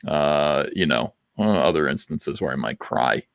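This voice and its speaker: A man's voice: a bass voice, animated, a little slow, no room sound, studio quality. A middle-aged man hosting a casual livestream chat, rambling and blunt with lots of fillers. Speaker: livestream host.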